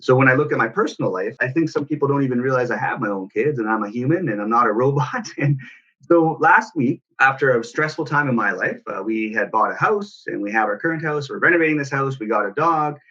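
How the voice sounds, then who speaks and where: Male parenting coach, earnest and reflective, bright forceful voice, lo-fi recording. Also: medium pitch, expressive, fast talker, slightly rough. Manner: earnest, reflective storytelling with restarts. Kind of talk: personal story in casual talk.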